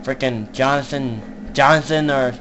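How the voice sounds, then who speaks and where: A young man giving casual, joking commentary while playing an online horror game, swearing and laughing often and shouting when startled. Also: medium pitch, measured pace, background noise. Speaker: gaming YouTuber. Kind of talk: casual let's-play commentary.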